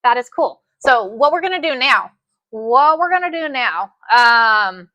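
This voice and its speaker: Bright, excitable woman teaching sewing. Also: fairly high pitch, a little slow, no echo, lo-fi sound. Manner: chatty, excitable, repeats phrases. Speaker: sewing instructor. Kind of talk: casual demonstration.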